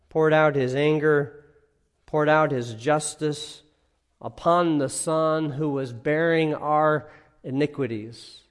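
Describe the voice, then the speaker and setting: Male preacher with a fairly high voice, giving an earnest verse-by-verse sermon that swings from emphatic to quiet. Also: clean tone. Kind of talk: expository sermon.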